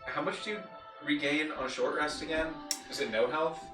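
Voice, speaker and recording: A man's voice: on the high side, a little fast, music in the background. A man playing a tabletop game, thinking aloud and hesitant. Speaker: player. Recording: echoey room, distant mic.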